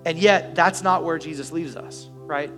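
Man, pastor, slightly high voice, lively joking sermon, faint music behind. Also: normal speed. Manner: animated, joking asides to the congregation.

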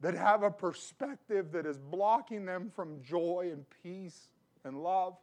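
A pastor preaches to his congregation, mixing scripture with a personal story. His voice sits a little higher than most men's, and he leans on repetition to push each point home. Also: a little slow. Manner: repeats phrases for emphasis. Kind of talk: sermon.

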